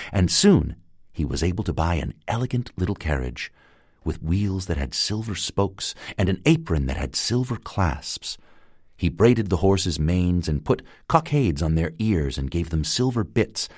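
A man narrating a fairy tale in a lively, expressive way. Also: low voice, breathy edge, dry recording, studio quality. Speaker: storyteller. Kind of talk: storybook narration.

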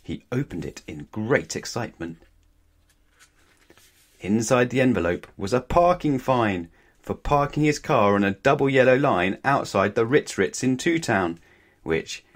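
A man reading a children's storybook aloud in a gentle, playful, unhurried way. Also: medium pitch, lively intonation.

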